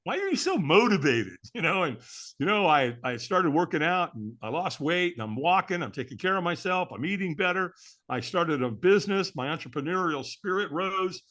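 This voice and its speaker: A man's voice: fairly high pitch, expressive, normal speed, a bit bright. A middle-aged man, a guest in an interview, telling a story animatedly and acting out the dialogue. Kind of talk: storytelling in a conversation.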